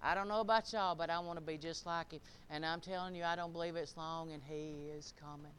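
A woman's voice: low-pitched, steady tone, fairly quick, a bit bright, a little hiss or hum. A woman preaching an informal sermon to her congregation, folksy and asking the listeners questions. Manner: folksy, talks straight to the listeners, asks them questions. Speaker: church speaker.

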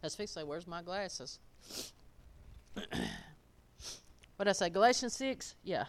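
A middle-aged woman preaches slowly with a low voice and big swings in pitch, her style folksy and emphatic. Loud declarations give way to quiet asides where she laughs softly.

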